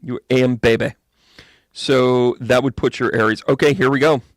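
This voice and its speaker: A man giving a live astrology and tarot reading in a chatty, rambling, jokey way with bursts of excitement. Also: mid-range voice, normal speed, no echo. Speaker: psychic medium reading tarot.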